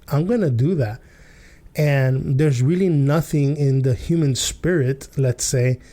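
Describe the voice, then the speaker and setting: A man's voice: medium pitch, dark tone. A man hosting a podcast, telling a childhood story and commenting in a casual, rambling way with many fillers, restarts and chuckles. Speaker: podcast host.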